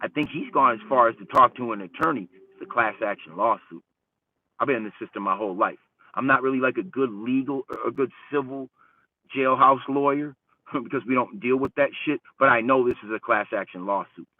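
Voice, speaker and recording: A man vents in a casual, foul-mouthed rant, his voice jumping between raised outbursts and low mutters. The sound is dry and narrow like a phone line, and he sits a bit back from the mic. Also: fairly quick, no echo, distant mic. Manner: profane, heated, rambling, swings between loud and muttered. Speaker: channel host.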